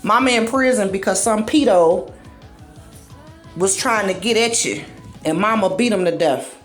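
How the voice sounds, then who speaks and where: A woman's voice: on the high side, moderate pace, faint music behind. A woman, hosting a casual commentary monologue, blunt and profane, acting out quotes as she tells stories. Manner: blunt, profane, animated storytelling with acted-out quotes. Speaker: commentary host.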